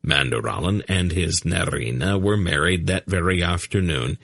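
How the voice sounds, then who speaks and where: A man narrating a fantasy audiobook in measured, even storytelling. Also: low voice, gravelly, no room sound, studio quality. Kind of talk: scripted narration.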